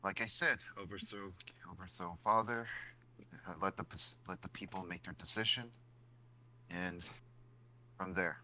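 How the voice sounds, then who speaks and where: A man's voice: low voice, steady tone, moderate pace, long pauses, pushed and bright, low-quality recording. A man role-playing his character in a tabletop game, hesitant and unsure of himself. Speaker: player.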